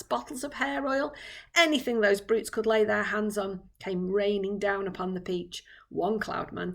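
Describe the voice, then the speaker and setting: A woman, a primary school teacher, reading a children's book aloud with expressive, lively storytelling. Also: medium pitch, creaky.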